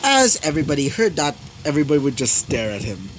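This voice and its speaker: A man's voice: a little high, wildly swooping pitch, quick pace, background noise. A young man improvising a fan story, rambling with many fillers and self-corrections. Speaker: story narrator.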